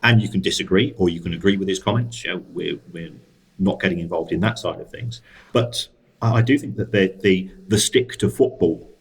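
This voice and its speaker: Deep-voiced man talking football finance. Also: brisk, breathy edge, low-quality recording. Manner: dry, wry asides, frequent restarts. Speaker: co-host, football finance expert. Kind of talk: casual podcast discussion.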